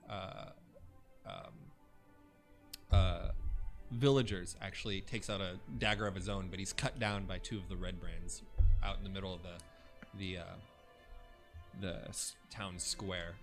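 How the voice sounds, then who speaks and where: A young man narrating a tabletop game as game master, halting with many fillers. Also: low voice, steady tone, faint music behind.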